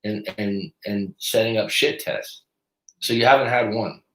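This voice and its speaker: A man's voice: fairly low pitch, unhurried, reverberant. A man hosting a live stream as a coach, telling a story in a casual, profane way and acting out the lines of the people in it. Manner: profane, animated storyteller who acts out quotes.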